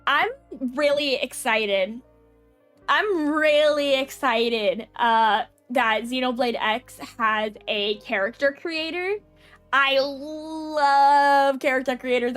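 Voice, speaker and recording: A young woman streamer talking in a loose, rambling way, full of "like" and little laughs. Her voice sits a bit high, and the recording is close and dry with faint music underneath. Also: fairly bright tone, dry recording. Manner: rambling, filler-heavy, giggly. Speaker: VTuber streamer. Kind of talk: casual live-stream chat.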